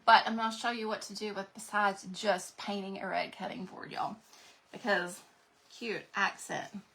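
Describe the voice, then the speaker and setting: A woman hosting a live craft stream, chatting casually to her viewers and thinking out loud as she paints. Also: medium pitch, steady tone, normal speed. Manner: rambling, talks to viewers directly. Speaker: craft livestream host.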